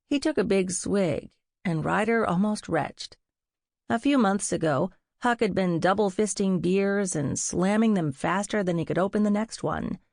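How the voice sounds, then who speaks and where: Woman reading an audiobook, steady and even, kinda gravelly, dry studio sound. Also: on the low side, no echo. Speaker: audiobook narrator. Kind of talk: scripted narration.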